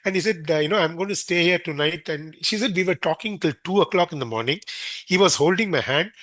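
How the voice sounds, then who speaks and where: A man's voice: high-pitched, lively intonation, quick pace, bright, forceful tone, no echo. A man with an Indian accent, a podcast guest telling a long anecdote, often acting out the words of the people in it. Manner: rambling anecdotes, acting out others' quoted words. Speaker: podcast guest, senior care expert. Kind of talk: storytelling in a podcast interview.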